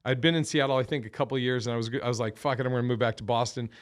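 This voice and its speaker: A man's voice: mid-range voice, fairly even intonation, racing. Rambling, profane male comedian. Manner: rambling, profane, self-correcting. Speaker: comedian guest. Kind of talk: casual storytelling.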